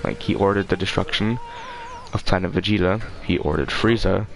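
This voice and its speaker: A man's voice: deep voice, steady tone, normal speed, vocal fry. A man hosting his own channel, rambling casually and swearing freely as he loses his train of thought. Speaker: channel host.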